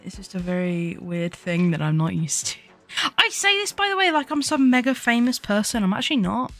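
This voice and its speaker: A woman's voice: medium pitch, big pitch swings, a little fast, fairly bright tone, soft background music. A young woman streaming as a VTuber, chatting casually while she draws, giggling often, swearing freely and poking fun at herself. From United Kingdom.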